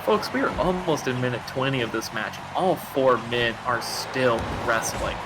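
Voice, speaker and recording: A man calling wrestling play-by-play live, excitable and quick to laugh, his voice jumping up on big moves. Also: mid-range voice, very noisy. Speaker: play-by-play commentator.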